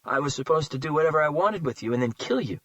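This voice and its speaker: A man's voice: a little high, lively intonation, quick pace, fairly bright tone, no echo, voice pushed up. A man voicing a cold, menacing male kidnapper with a throaty, firm voice, in an audiobook. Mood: cold threatening. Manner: threatening, clipped.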